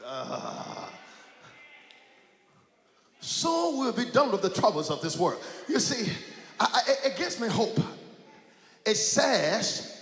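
A man preaching a sermon to a church congregation, calling for responses and often breaking into shouted, chanted lines. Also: high-pitched, sing-song, slow, creaky, long pauses, a little hiss or hum. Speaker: pastor. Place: large church sanctuary. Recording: echoey church hall.

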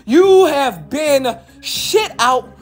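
A woman's voice: high voice, animated, extremely slow. A woman from Baltimore, a YouTube commentator and rapper, delivering a hyped, profane reaction rant to camera and repeating phrases for emphasis.

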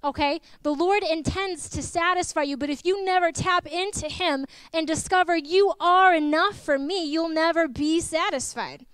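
A young woman preaching a sermon to her church, lively and personal, telling stories with laughs and asides. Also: very high voice, moderate pace, hardly any pauses, no room sound, studio quality. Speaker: guest preacher.

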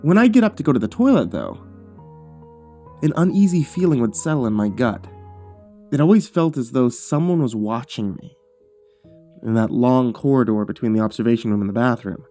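A man reading a first-person horror story aloud in a measured, hushed storytelling manner that drops low at tense moments. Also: expressive, faint music behind.

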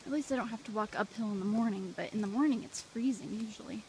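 A woman's voice: medium pitch, fast. A woman chatting casually in a vlog, telling stories with lots of fillers while filming at home and on a walk. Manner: chatty, animated storytelling with fillers. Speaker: vlogger on an exchange stay. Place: home indoors and walking outdoors. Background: wind noise outdoors.

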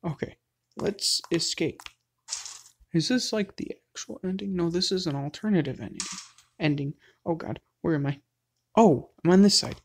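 A gaming host in the middle of a let's play, voice sitting at an ordinary middle pitch. The talk is casual and addressed to viewers, breaking into startled, loud, profane outbursts. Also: moderate pace, a little hiss or hum. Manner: excitable, loud outbursts, frequent swearing; talks straight to viewers.

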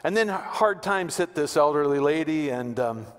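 Brief: casual male pastor, fairly high voice, folksy repetitions, long sanctuary reverb. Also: animated, normal speed, clean tone. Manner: conversational, repeats words, joking asides. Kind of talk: sermon. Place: church sanctuary.

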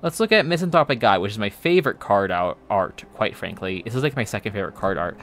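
A man hosting a livestream alone, chatting casually, animated and swearing. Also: on the low side, quick pace. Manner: animated, swears, laughs often. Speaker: streamer host.

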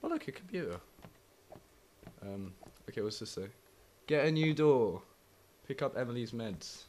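A man's voice: mid-range voice, sing-song, moderate pace, darkish tone. A young man swearing and wisecracking while playing a horror game at home. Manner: sweary, jumpy, wisecracking reactions. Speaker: gaming YouTuber. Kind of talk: let's play commentary. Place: home flat.

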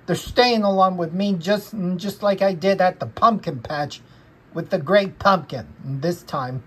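A woman's voice: lowish voice, unhurried, slightly rough, pitched above the performer's own voice. A woman voicing a cross cartoon boy who scolds bugs in a fan dub over film clips, bossy and repetitive with little hums between words.

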